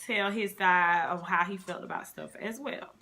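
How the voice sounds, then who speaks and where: A woman's voice: on the low side, fairly even intonation, normal speed, sharp tone, a little hiss or hum. A woman in her twenties telling a casual storytime to her viewers, chatty and talking straight to them. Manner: chatty, addresses viewers as y'all. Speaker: vlogger.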